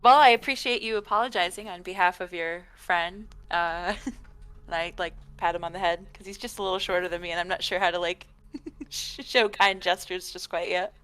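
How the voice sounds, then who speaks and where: A woman's voice: fairly low pitch, steady tone, normal speed, a bit bright, smooth. A woman playing her character in a tabletop game, speaking hesitantly and laughing often. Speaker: player.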